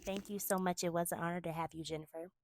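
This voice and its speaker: A woman's voice: lowish voice, quick pace, no echo. Chatty woman hosting a movie review. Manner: chatty, animated retelling with emphatic asides. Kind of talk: casual spoken movie review.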